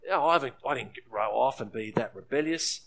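A man's voice: lively intonation, a little fast, vocal fry, fairly bright tone. A man preaching a sermon, earnest, briefly acting out the voices in the story. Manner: earnest preaching, acts out quoted voices with rising pitch. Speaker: pastor.

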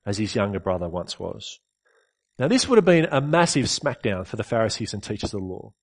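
A man preaching a sermon in an earnest, conversational way with rhetorical questions. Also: on the high side.

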